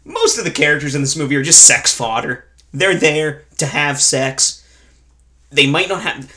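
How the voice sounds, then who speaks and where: A man's voice: on the high side, pushed and bright. A man co-hosting a casual movie review chat, blunt and sarcastic, swearing freely. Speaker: podcast co-host reviewing a film.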